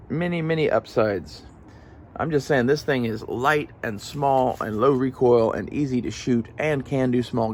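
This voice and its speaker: Gravelly-voiced man rambling casually. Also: mid-range voice, slight background noise. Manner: casual, profane, rambling with fillers. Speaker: gun channel vlogger. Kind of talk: casual rambling gear talk.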